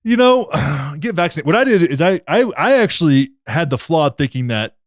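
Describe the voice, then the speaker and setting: A young man giving sarcastic vlog commentary, reading a text aloud with mock outrage and deadpan asides. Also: on the high side, fairly quick, no echo, studio quality. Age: young adult. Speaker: vlogger.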